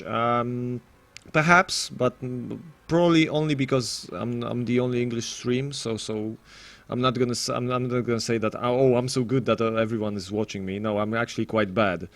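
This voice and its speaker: A man's voice: medium pitch, moderate pace, a bit bright. A man casting an esports match on his live stream, rambling and self-deprecating with frequent restarts. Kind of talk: casual live stream commentary.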